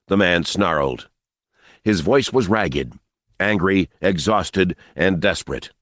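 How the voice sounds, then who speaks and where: Deep-voiced man narrating an audiobook. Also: unhurried, no room sound, clean studio sound. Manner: expressive, dramatic reading. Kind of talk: scripted narration.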